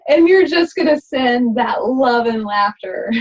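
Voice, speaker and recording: A tired woman guides a laughter exercise vlog in a gentle, chatty way, full of ums and uhs. She talks slowly in a somewhat high voice. The recording sounds dull and lo-fi. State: tired, yawning.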